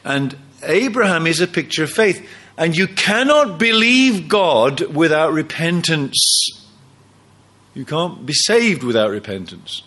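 Animated male preacher, lively pitch. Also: a little slow. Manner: animated, emphatic preaching with quoted dialogue. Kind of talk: sermon.

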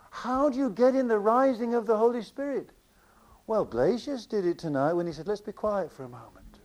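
A man preaching a sermon with passion, repeating phrases and swinging between loud declarations and quiet asides. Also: a little high.

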